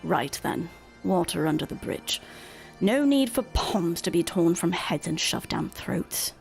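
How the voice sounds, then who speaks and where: A woman voicing a brooding young male dark knight, reading game dialogue aloud in a measured, gravelly way. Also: on the low side, animated, soft background music. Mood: wry.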